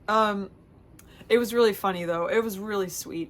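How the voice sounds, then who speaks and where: A woman's voice: medium pitch, normal speed, pushed and bright. A woman vlogger tells stories from her year in a casual, comic way. She talks chattily and pokes fun at herself. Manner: chatty, comic, self-mocking. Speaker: vlogger and theater producer. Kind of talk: casual storytelling vlog.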